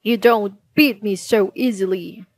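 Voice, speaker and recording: A woman's voice: medium pitch, a little slow, no room sound. A woman voicing a crafty grown male farmer in a storybook reading. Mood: smug. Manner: sly, plain-spoken.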